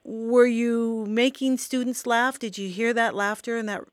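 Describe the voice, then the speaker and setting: A woman's voice: on the high side, fairly even intonation, unhurried, no echo, clean studio sound. A woman hosting an interview, asking brief, encouraging questions. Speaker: interview host. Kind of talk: radio interview.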